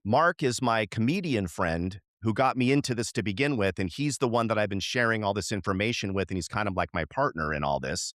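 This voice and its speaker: A middle-aged man co-hosting a podcast, telling a story in casual chat and jumping up in pitch when he acts out what people said. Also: a little fast, hardly any pauses, no echo, studio quality. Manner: animated storyteller, voices quoted people with jumps in pitch. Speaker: podcast co-host.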